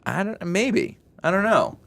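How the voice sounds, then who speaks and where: A man's voice: high voice, big pitch swings, a little slow, vocal fry, a bit bright. A man hosting a comedy podcast in casual chat, joking and laughing as he talks. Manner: joking, laughs while talking. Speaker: podcast host.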